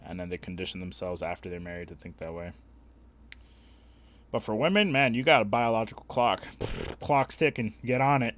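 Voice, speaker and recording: A man's voice: fairly low pitch, brisk, fairly bright tone, a little hiss or hum. A young man streaming a game, chatting casually with viewers in a rambling, profane, opinionated way. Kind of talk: casual live-stream chat while gaming.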